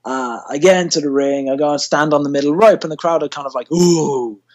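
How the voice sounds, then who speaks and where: A man's voice: on the high side, fast talker, muffled recording. A British man being interviewed as a wrestler, telling stories in a rambling, casual way full of fillers. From Britain.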